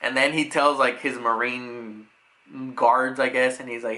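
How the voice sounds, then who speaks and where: A man's voice: medium pitch, a little slow. A man casually retelling a manga chapter as a reviewer, acting out the scenes as he goes. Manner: animated retelling that acts out scenes. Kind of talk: casual chat.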